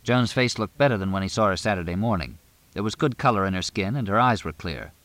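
Low, dry-sounding man narrating a novel at a steady, measured pace. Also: no echo. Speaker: audiobook narrator. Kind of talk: scripted narration.

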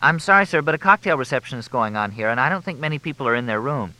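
A man's voice: medium pitch, expressive, fast talker, sharp tone, pitched above the performer's own voice, low-quality recording. A man voicing a flustered young female switchboard operator, polite and formal.

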